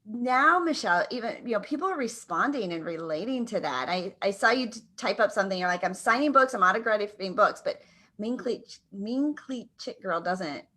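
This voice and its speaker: A woman's voice: medium pitch, sing-song, normal speed, a bit bright. A woman co-hosting a morning talk show, speaking reflectively and often saying "like". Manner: reflective, uses filler 'like' often. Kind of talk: casual chat.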